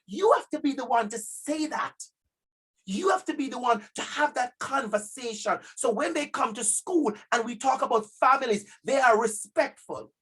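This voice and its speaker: A man with a Jamaican accent giving a lively workshop talk to parents over a video call, stressing key words by repeating them and calling out audience members by name. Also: very high voice, normal speed, breathy edge. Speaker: keynote speaker at a parent conference.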